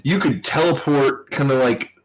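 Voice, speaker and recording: A game master runs a tabletop game, calmly explaining rules and results. The voice has a husky, breathy edge. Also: medium pitch, moderate pace.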